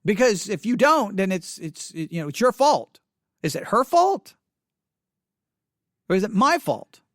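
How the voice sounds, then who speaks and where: A man's voice: high voice, sing-song, measured pace, fairly bright tone, dry recording, clean studio sound. A man hosting a casual spoken commentary, emphatic, often restarting his words.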